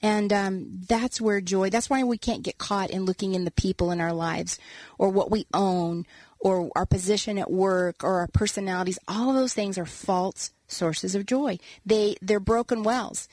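A woman author, a guest in an interview, telling a personal story in an earnest, animated way. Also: mid-range voice, moderate pace, no echo.

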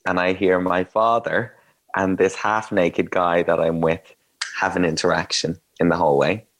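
Man, deep voice, candid anecdotal guest with a self-deprecating streak. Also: flat delivery, moderate pace. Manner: candid, self-mocking, chatty with fillers. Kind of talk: casual anecdotal storytelling.

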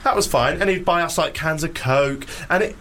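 A man's voice: on the high side, moderate pace, pushed and bright, a little hiss or hum. A young man, a radio co-host telling a long story in casual chat, laughing and self-deprecating as he rambles. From Norwich, England.

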